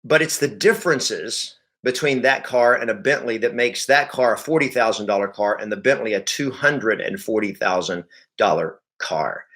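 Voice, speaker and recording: A man's voice: lowish voice, moderate pace, fairly bright tone. A man coaching real estate agents, emphatic and repeating his points, acting out the talk with clients. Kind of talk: motivational sales training talk.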